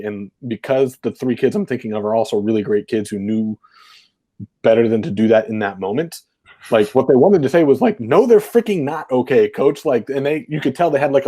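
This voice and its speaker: Here the co-host's voice is medium-pitched and mellow as he reflects on coaching football. It's a rambling, casual storytelling chat, thick with fillers such as "like" and "right."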